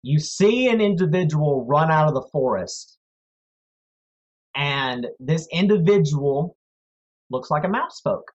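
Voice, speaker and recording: A man narrating as game master of a tabletop game, telling the story in a slow, measured way. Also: a little high, lively intonation. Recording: dull lo-fi audio, faint music.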